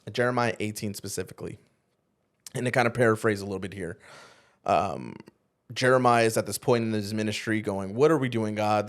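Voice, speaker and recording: A man who is a youth pastor, telling a personal story on a podcast in an animated way, acting out what others said and saying "like" often. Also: lowish voice. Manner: animated, acts out quoted dialogue, heavy use of "like". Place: podcast studio.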